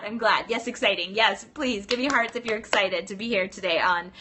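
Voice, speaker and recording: A chatty woman talking to viewers on a casual live stream, bright and forceful in tone. She sounds upbeat and speeds up when she gets excited, tossing in "right?" and quick hellos. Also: fairly high pitch. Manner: upbeat, chatty, greets viewers often, says "right?" a lot. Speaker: Pilates studio owner live-streaming to viewers. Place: indoors in New York City.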